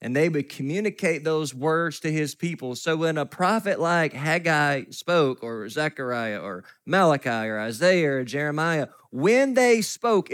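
A pastor preaching a sermon, telling stories with self-deprecating humor and now and then laughing. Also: male voice, fairly high pitch, a bit bright.

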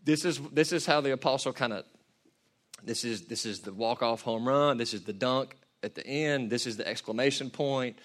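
A man preaching a passionate sermon, building from quiet reflection to shouted peaks. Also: medium pitch, moderate pace. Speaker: pastor.

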